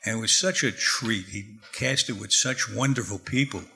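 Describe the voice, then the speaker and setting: An older man, a veteran actor, chatting as a guest in a wry, halting way. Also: lowish voice, bright, forceful tone. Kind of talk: casual chat.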